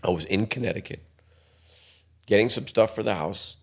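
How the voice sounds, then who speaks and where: Gravelly deep-voiced man in his sixties. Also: moderate pace. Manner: rambling anecdotes with quoted voices. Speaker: podcast guest. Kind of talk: casual storytelling interview.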